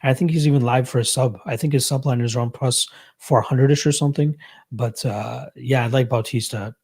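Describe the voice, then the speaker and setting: A man's voice: mid-range voice, brisk, darkish tone, slightly rough. A young Canadian man hosting a casual live stream, reading chat and answering betting questions in a laid-back, chuckling way.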